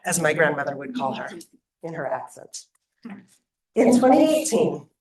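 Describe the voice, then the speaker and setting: A woman giving prepared opening remarks at a conference, earnest and emphatic as she rallies her audience. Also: fairly low pitch. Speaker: nonprofit program leader giving opening remarks. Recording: echoey room, voice from a distance.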